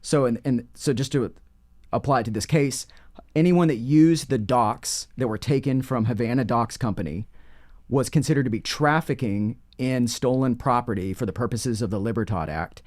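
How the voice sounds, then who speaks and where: A man's voice: mid-range voice, moderate pace, darkish tone, no echo, clean studio sound. Man talking through a legal case, rambling. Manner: rambling, frequent restarts and self-corrections. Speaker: podcast co-host discussing court cases. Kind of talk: casual legal discussion.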